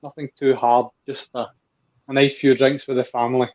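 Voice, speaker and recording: A man's voice: mid-range voice, little pitch movement, normal speed. A man, a guest on a livestream, answering in an easygoing, friendly way over a video call. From Scotland. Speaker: guest vlogger. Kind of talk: casual livestream chat. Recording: dull lo-fi video call audio.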